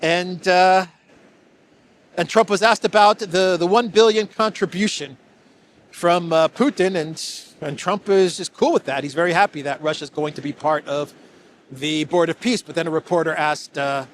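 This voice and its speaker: A man's voice: high voice, steady tone, normal speed, a little hiss or hum. A man giving casual solo political commentary, sarcastic and chuckling, with frequent restarts.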